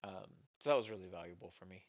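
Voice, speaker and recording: Rapid-fire and deep-voiced, a man who makes indie games and streams chats casually while showing off his little games, rambling with plenty of fillers and self-deprecation. The sound is lo-fi.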